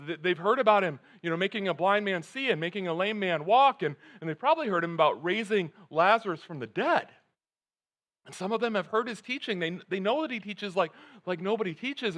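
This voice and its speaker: A man preaching a sermon as pastor, retelling the story in a casual, animated way with frequent restarts. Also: fairly high pitch. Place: church sanctuary.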